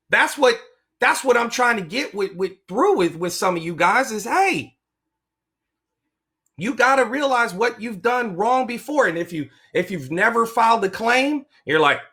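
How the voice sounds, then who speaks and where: A man's voice: very high voice, lively intonation, unhurried, sharp tone. A middle-aged man, a coach for veterans' claims, talking in a rambling, emotional way and cutting himself off mid-sentence. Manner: emotional, rambling, self-interrupting. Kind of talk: motivational vlog talk.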